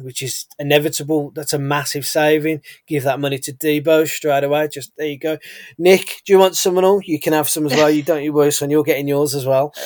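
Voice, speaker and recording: A man's voice: fairly high pitch, no echo, studio quality. A man with a British accent, co-hosting a casual sports podcast, chatty and rambling with frequent fillers and restarts. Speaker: podcast co-host.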